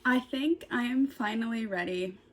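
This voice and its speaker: A woman's voice: fairly high pitch, normal speed, slightly rough. A young woman chatting casually in a book vlog outdoors, emotional and gushing, her talk full of "like"s. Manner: emotional, gushing, filler-heavy with many "like"s. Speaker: book vlogger. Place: outdoors in the sun.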